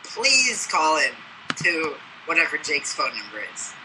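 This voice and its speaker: A man's voice: on the high side, sing-song, a little slow, noisy background. A man co-hosting a casual sports podcast, teasing the others with snarky quips. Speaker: podcast co-host.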